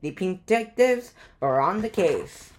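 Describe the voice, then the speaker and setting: A woman reading aloud as an eager young girl detective, in a slowish storybook voice. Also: lowish voice, very animated, a little mellow.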